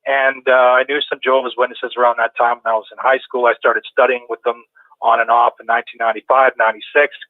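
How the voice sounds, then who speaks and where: A man's voice: medium pitch, flat delivery, fast, no echo. Rambling male caller on a tinny phone line. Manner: rambling, with frequent restarts. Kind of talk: casual call-in chat.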